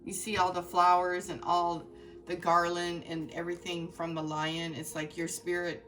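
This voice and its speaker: A woman's voice: on the low side, completely flat delivery, moderate pace, a bit bright, recorded from a distance. A woman giving a heartfelt, emotional tarot reading, speaking straight to her viewers with many fillers and restarts. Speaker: tarot reader.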